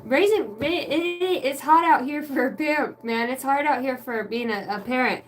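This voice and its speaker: A woman's voice: high voice, normal speed, far from the mic, rough recording. A woman hosting a card-reading livestream, venting in a rambling, profane way and chatting with viewers by name. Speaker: oracle card reader and livestream host. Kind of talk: casual livestream rant.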